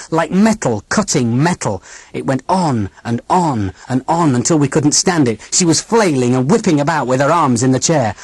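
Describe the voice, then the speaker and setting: An audiobook narrator telling a first-person story in a dramatic, expressive reading. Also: medium pitch, slightly rough, no room sound.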